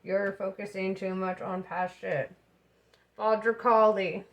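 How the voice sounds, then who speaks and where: A young woman talks her way through a casual tarot reading, loose and chatty, with plenty of fillers. Her voice sits at an ordinary middle pitch. She laughs often between the card readings. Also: measured pace. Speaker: tarot reader.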